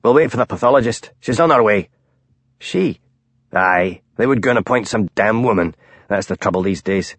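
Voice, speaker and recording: A man putting on a bullying, thick-headed chief inspector with a Glasgow accent. The voice is heavy, truculent and growling, with lively swings in pitch. It is dry and close, read for an audiobook. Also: moderate pace, dry recording.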